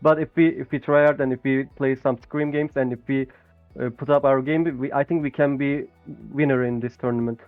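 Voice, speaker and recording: A man being interviewed after a match, speaking haltingly and repeating words as he searches for them. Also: medium pitch, steady tone, dry recording, soft background music. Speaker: pro player being interviewed. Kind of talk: post-game interview. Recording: tinny phone-like call line, dry.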